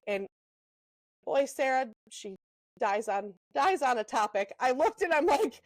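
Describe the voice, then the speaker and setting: A young woman co-hosting a podcast, telling animated stories in a casual chat, full of "um" and "like". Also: high voice, no echo, rough recording. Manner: animated storyteller, lots of "um" and "like", quick asides. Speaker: podcast co-host.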